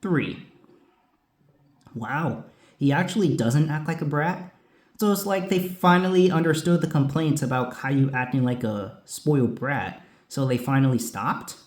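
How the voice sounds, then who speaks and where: A man's voice: on the high side, unhurried. A man casually chatting as a host answering viewer questions, rambling with lots of asides. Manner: lively, rambling, many asides. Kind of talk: casual chat. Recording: roomy echo.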